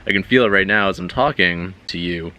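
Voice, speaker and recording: Man vlogger, very low voice with a bright, forceful edge, rambling casual talk to camera. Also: brisk. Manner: loose, rambling, many fillers and restarts. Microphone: own camera.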